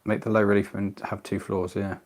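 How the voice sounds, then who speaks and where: A chatty man from England with a slightly low voice hosts a relaxed live stream. He reads viewer comments aloud between bits of building and pokes fun at himself along the way. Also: brisk. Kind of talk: casual live-stream chat while model building.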